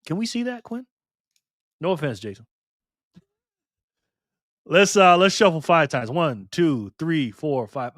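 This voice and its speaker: A man's voice: high voice, very animated, a little slow, pauses often, fairly bright tone, no room sound, clean studio sound. Joking, slangy male stream host. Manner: laughing, teasing, slangy banter. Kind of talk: casual chat reading live comments.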